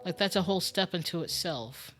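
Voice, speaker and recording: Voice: mid-range voice, lively intonation, fairly quick, over music. A streamer thinking aloud during a casual live-stream game commentary, muttering and musing with lots of fillers.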